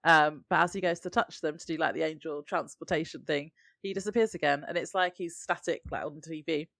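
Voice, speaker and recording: A woman co-hosting a podcast, narrating the plot of a TV episode in a steady, chatty way. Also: sits low, fairly quick, gravelly, no echo. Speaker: podcast co-host. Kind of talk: casual chat recapping a TV episode.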